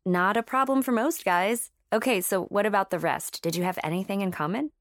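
A woman voicing a playful young woman who teases her best friend on the phone, lively and higher than her narration. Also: brisk, no echo, studio quality, lightly acted. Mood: teasing. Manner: teasing, bright and lively.

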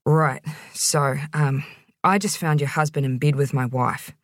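A woman reading an audiobook, voicing a grave, stoic male farmer who speaks in terse, halting bursts. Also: low voice, steady tone, no echo, clean studio sound. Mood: strained.

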